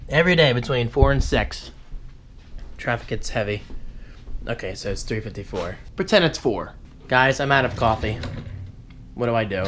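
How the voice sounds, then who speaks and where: Upbeat man vlogging his day, chatty and animated, voice swinging up and down. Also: medium pitch, a little hiss or hum. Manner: chatty, animated, joking asides to viewers. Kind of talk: casual daily vlog chat.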